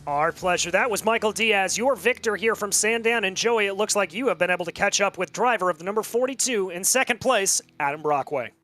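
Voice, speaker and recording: A man's voice: high-pitched, brisk, few pauses, pushed and bright, soft background music. A man hosting a racing broadcast, speaking in a polished, formal manner. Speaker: race commentator and broadcast host. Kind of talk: broadcast sign-off.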